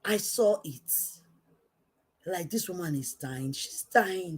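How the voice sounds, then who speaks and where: A woman with a Nigerian accent and a low, weighty voice delivers an impassioned rant straight to camera. She hammers each point by saying it twice, dropping to a quiet, pointed tone and then flaring up into shouting. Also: expressive, slow, husky. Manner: repetitive, emphatic, swinging from quiet to shouting. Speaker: online commentator.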